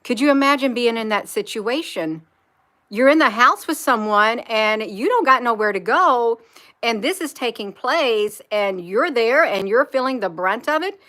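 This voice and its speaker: Bright and forceful, a little high, with lively intonation at normal speed, a woman spiritual vlogger addresses her live stream earnestly. She repeats herself to stress her points and reads viewers' comments aloud.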